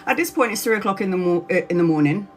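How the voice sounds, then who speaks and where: A tired woman, a tarot reader, telling a personal story to her livestream viewers in a casual, animated way, swearing freely. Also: medium pitch, fast, faint music behind. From Brazil. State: exhausted.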